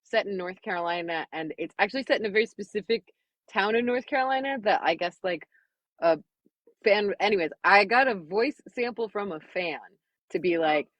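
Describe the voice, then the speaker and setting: A woman who narrates audiobooks, explaining her craft in casual live-stream chat with thoughtful, animated phrasing. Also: mid-range voice, brisk, dry recording.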